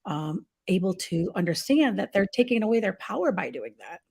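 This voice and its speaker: A woman's voice: mid-range voice, big pitch swings, creaky, husky. A woman hosting a live show, chatting casually and affirming her guest. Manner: warm, affirming listener, quick to laugh. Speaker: host. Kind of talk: casual interview chat.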